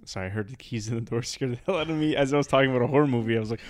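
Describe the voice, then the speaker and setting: A man's voice: mid-range voice, racing. A man in a casual chat, playfully telling a made-up story, laughing, with frequent restarts.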